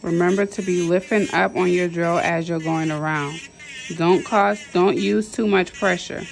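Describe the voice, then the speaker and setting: A woman's voice: fairly low pitch, fairly even intonation, a little slow, vocal fry. A woman, a nail technician demonstrating drill work in a casual, repetitive step-by-step way. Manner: chatty, repetitive step-by-step instructions with Southern US slang. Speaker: nail technician teaching a class. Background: nail drill whirring.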